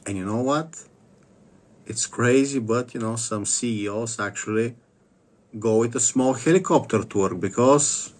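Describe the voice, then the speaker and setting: A man delivering a rambling, profane self-help monologue to the camera, blunt and crude, often clearing his throat and coughing. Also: mid-range voice. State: coughing after a dental visit.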